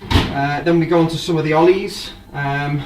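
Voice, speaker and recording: With a somewhat high, steady voice at normal speed, a man shows off his drums in a relaxed, rambling, enthusiastic way. This show-and-tell is heard from afar with faint background noise.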